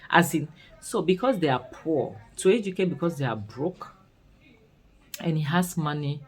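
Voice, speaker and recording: Low-voiced Nigerian woman recapping a series. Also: moderate pace, poor audio. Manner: expressive, scolding rhetorical questions. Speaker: series reviewer. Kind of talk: casual recap and commentary.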